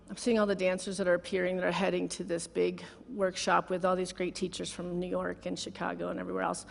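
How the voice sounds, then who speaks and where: A woman's voice: medium pitch, gravelly. A middle-aged woman giving a heartfelt, conversational sermon built around a personal story, close to tears. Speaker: guest speaker. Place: large church sanctuary. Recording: long hall reverb.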